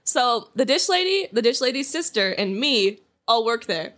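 Rambling young woman, higher voice. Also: big pitch swings, moderate pace, a bit bright. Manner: rambling storytelling with many fillers and restarts; giggles through her stories. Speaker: podcast co-host. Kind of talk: casual chat.

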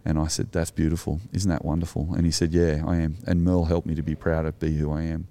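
A man's voice: a bass voice, level tone, quick pace, dark tone. An Australian man, an Anglican minister co-hosting, telling a story in an earnest, reflective way. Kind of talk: conversational storytelling.

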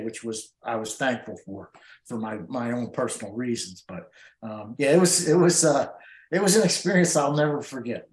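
Middle-aged male angler guest, emotional and rambling, recorded with room echo. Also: mid-range voice. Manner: emotional, rambling with many fillers. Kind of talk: storytelling interview. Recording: roomy echo.

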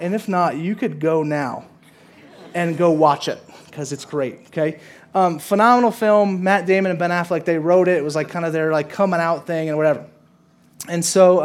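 Male pastor, casual sermon, chatty, keeps asking the congregation, high voice for a man.

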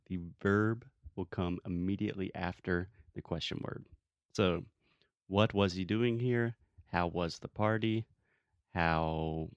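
A man's voice: sits low, clear, resonant tone, dry recording, lo-fi sound. A young man teaching English in a casual chat, patiently correcting mistakes and explaining grammar rules. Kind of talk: casual podcast lesson.

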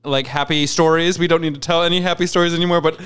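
A man's voice: a little high, fairly even intonation, fast talker, fairly bright tone. A man co-hosting a podcast in casual chat, joking wryly and tossing in playful quips. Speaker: podcast co-host.

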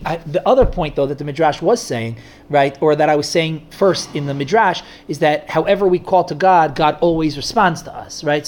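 A man leads a relaxed study class in a conversational voice. He thinks aloud, often restarting phrases and adding fillers as he explains. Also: fairly high pitch. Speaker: Torah teacher. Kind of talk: informal text study class.

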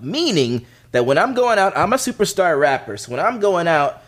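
A man co-hosting a podcast, explaining a segment in animated casual banter with many restarts, seated at a studio table. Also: a little high, moderate pace, hardly any pauses. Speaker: podcast co-host presenting a segment.

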